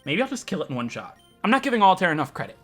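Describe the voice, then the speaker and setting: A man hosting a let's play, giving jokey, excitable commentary with mock game-show announcing. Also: high-pitched, very fast, husky, soft background music. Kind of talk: gameplay commentary.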